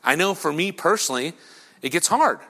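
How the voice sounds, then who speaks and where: Middle-aged male pastor, bright and expressive, animated storyteller. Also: on the high side, a little fast. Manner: animated storytelling, acting out crowd voices and whispers. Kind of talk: sermon.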